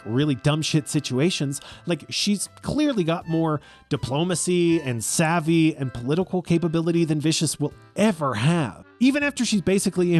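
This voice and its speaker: A young man giving opinionated commentary as a video essay host. He is animated, profane and sarcastic, and acts out quotes. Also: on the high side.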